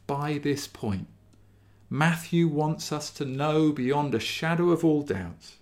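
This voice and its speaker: A man preaching a sermon, reading scripture passages in a measured, earnest way. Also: a little high, a little mellow. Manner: slow, measured and earnest, lingering on key phrases.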